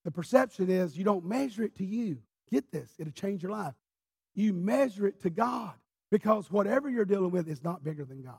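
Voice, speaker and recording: A pastor preaching a sermon in church, telling his story with passion, dropping low and then rising to shouts. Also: lively intonation, fairly quick, gravelly, slightly rough. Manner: impassioned storyteller, swinging from quiet to shouting.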